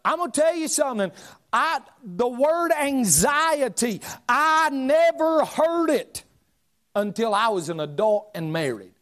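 Man, middle-aged, pastor, high voice, fiery preaching, shouts then drops to a hush. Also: sing-song, unhurried. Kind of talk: fiery revival sermon.

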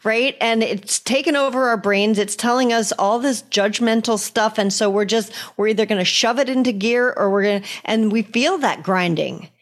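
A woman hosting a podcast conversation, enthusiastic and quick to praise, with exclamations. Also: on the high side.

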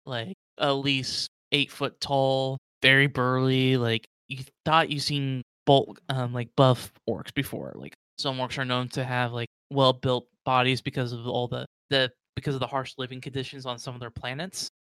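A man narrating as game master of a tabletop game, rambling and relaxed. His voice is smooth and clear at a middle pitch, heard dry and close with no room sound. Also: normal speed, few pauses, no echo. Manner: rambling, many fillers and restarts.

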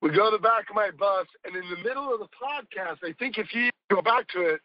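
A man's voice: high-pitched, quick pace, lo-fi sound, a little hiss or hum. A man speaking as a podcast guest, telling rambling, emphatic stories in casual conversation and swearing now and then.

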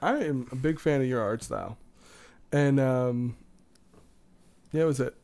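A man's voice: medium pitch, unhurried, darkish tone. A man co-hosting a podcast, chatting casually with lots of giggling and self-mocking jokes. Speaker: podcast co-host. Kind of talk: casual chat.

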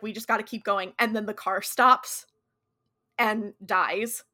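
A woman's voice: medium pitch, fairly even intonation, moderate pace, bright, forceful tone. A woman co-hosting a podcast, retelling a TV episode in a chatty, slangy way full of "like". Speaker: podcast co-host. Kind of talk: casual episode recap.

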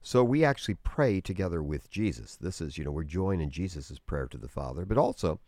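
A man with a very deep voice explains things at length, earnest and conversational. He often restarts his sentences while he thinks aloud. The sound is dry and close to the mic. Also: sing-song, brisk, a little mellow, no room sound. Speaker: guest teacher on prayer. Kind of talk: conversational religious teaching.

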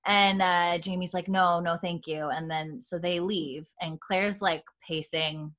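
A woman's voice: lowish voice, steady tone, unhurried, fairly bright tone. A woman hosting a casual podcast chat, retelling scenes with quoted lines, many fillers and frequent laughs. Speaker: podcast host recapping a TV episode.

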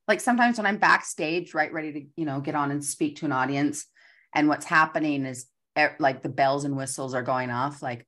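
A woman's voice: low voice, a little fast, a bit bright. A woman in her forties hosting a motivational talk, acting out her own inner voices. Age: 40s. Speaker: host.

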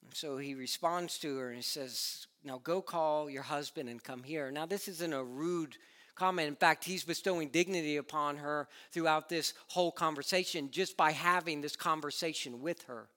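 A man preaching a sermon with passion, moving between loud, building declarations and hushed tones, and driving his points home with repetition. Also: fairly high pitch, moderate pace. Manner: uses repetition and builds to climaxes.

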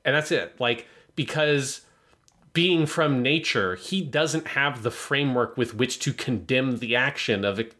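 A man's voice: mid-range voice, unhurried, sharp tone. A man co-hosting a podcast, analyzing a story in a casual, thinking-aloud way. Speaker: podcast co-host. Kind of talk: casual podcast review chat.

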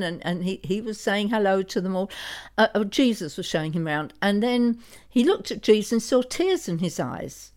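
Animated woman telling a faith story. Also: mid-range voice, normal speed. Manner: animated storyteller, acts out quoted dialogue. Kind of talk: faith-based discussion, personal testimony.

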